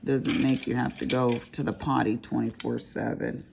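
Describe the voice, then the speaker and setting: A woman's voice: very deep voice, level tone, normal speed, creaky, noisy background. An older woman, chatting casually and teasingly to viewers while she crafts. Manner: chatty, folksy, teasing, addresses viewers as y'all and honey. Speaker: crafting vlogger.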